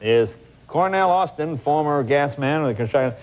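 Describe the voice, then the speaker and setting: A man in his forties hosts a late-night show in a television studio, reading odd newspaper clippings in a comic monologue. His voice is a little high and expressive at a moderate pace, and he adds wry, mock-incredulous asides amid loud studio audience laughter and a noisy background.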